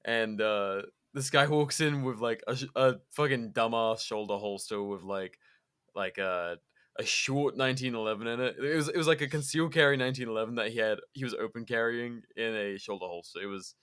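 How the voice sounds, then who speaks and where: A man's voice: mid-range voice, brisk, a bit bright, clean tone. A young man co-hosting a podcast, telling rambling stories in casual chat, swearing freely and laughing often. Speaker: podcast co-host.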